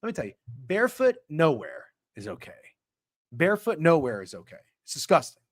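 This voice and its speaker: Man, sports betting streamer, profane rants, loud and quiet swings, dry close mic. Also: on the high side, big pitch swings, a little fast, no room sound. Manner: loud, profane, ranting, swings between mutters and shouts. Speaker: sports betting show host. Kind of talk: live-streamed betting talk.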